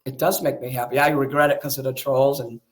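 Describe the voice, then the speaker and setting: A man's voice: medium pitch, steady tone, fast. A man in heated casual conversation, agitated and defensive, swearing often. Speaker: streamer talking with a friend.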